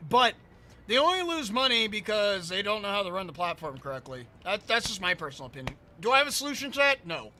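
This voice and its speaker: A hoarse man losing his voice, ranting in casual let's-play commentary and reading chat aloud. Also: sits high, very animated, fast, bright, forceful tone. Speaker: gaming streamer.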